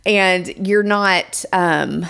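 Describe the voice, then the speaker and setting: This is a woman with a somewhat low speaking voice, co-hosting a casual podcast conversation. She is reflective, often pausing and restarting as she looks for the right words to explain herself. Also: gravelly, fairly bright tone, clear, resonant tone. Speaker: podcast co-host. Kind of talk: casual chat.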